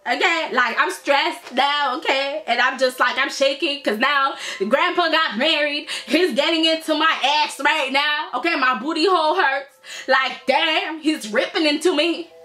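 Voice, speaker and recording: A woman with a high, bright voice gives a casual video review, talking right to her viewers. She is animated and profane, and she often checks in with a quick "okay?". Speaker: soap opera reviewer.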